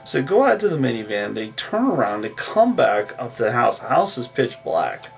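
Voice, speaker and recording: A man retells a movie plot casually at a moderate pace, his mid-range voice sing-song and creaky with vocal fry. The recap rambles, packed with fillers, restarts, and repeated "on that." He's away from the mic, and faint music plays.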